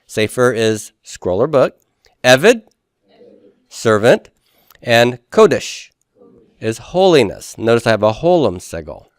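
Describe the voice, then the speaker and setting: A man's voice: mid-range voice, very animated, slow pace, pauses often, dry recording, clean studio sound. A man teaching a lecture, explaining step by step and asking and answering his own questions. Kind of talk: classroom lecture.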